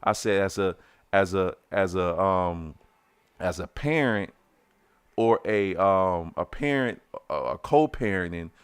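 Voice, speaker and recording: A middle-aged man with a Detroit accent telling a personal story on a podcast in casual, heated talk, restarting his sentences, swearing, and loudly acting out what people said. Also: lowish voice, clear, resonant tone, no echo.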